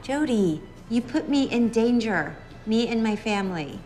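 A woman's voice: on the high side, expressive, a little slow, darkish tone, faint music behind, low-quality recording. An actress playing an exasperated mother who confronts people firmly and with disbelief, in a film comedy. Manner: firm, incredulous, confronting.

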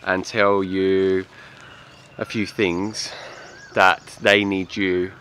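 A deep-voiced vlogger reviews his aligners to camera in a flat, extremely slow delivery with a slightly bright tone and a little hiss or hum. Even so, he is casual and enthusiastic, chatty and repetitive, recommending them, saying "like I said" and "yeah" often, with a slight lisp from the aligners.

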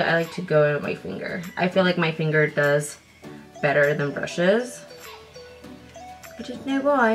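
A woman's voice: mid-range voice, fairly bright tone. A young woman vlogging a casual makeup unboxing, chatty and loose, thinking aloud and swearing now and then. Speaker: beauty vlogger.

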